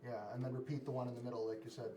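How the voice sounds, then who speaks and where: A man's voice: medium pitch, level tone, rapid-fire. A man playing a tabletop game, talking in a playful, bouncy way. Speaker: player. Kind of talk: casual tabletop play. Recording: distant, echoey, noisy mic.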